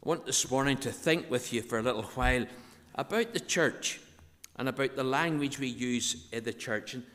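A Northern Irish man preaches from the pulpit in a voice of ordinary pitch. He leads prayer and tells his congregation stories in an earnest, conversational way. His words ring out with the long echo of a church. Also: moderate pace, fairly bright tone. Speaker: minister. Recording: reverberant church hall sound.

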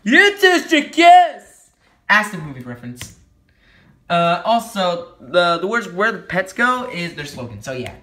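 Playful male YouTube host, bright and animated delivery, echoey room. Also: high voice. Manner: playful and jokey, self-correcting with quick apologies. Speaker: YouTube logo history host. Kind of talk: casual explanatory commentary.

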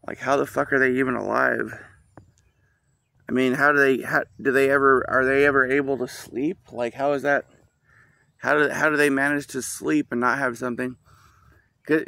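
A man's voice: medium pitch, gravelly, a bit bright, no echo. A man rambling outdoors in a park, profane and meandering, trailing off with a rueful tone.

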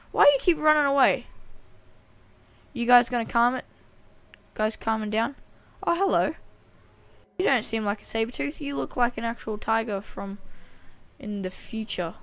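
A woman's voice: a little high, fairly bright tone. A woman with an Australian accent giving chatty, playful let's-play commentary and talking back to the game characters. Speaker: gaming channel host.

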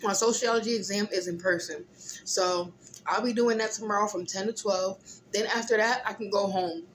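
A groggy, tired young woman, casually chatting in a vlog from a hospital room, often clearing her throat. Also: mid-range voice, fairly even intonation, moderate pace, slight background noise. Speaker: vlogger. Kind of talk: casual vlog chat while eating.

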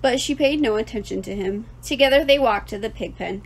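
A woman teacher reading a children's book aloud with clear, expressive storytelling. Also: on the high side, brisk.

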